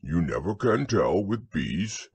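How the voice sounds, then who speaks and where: A man voicing a gentle, slow-thinking teddy bear in a bedtime audiobook, musing and earnest. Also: sits low, very animated, slightly rough, no echo, heavily acted.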